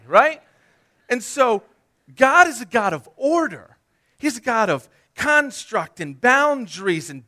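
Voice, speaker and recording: A male pastor preaching with lively, swooping delivery and a bright, forceful tone. His voice sits high for a man, and he drives his points home emphatically, with quick comic asides. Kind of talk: sermon.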